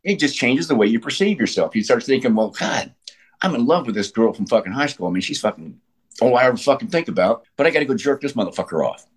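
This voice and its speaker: A man's voice: medium pitch, lively intonation, quick pace, slightly rough. A man in his sixties telling his story as an interview guest, blunt and profane, often restarting his sentences. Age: 60s. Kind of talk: candid conversational storytelling.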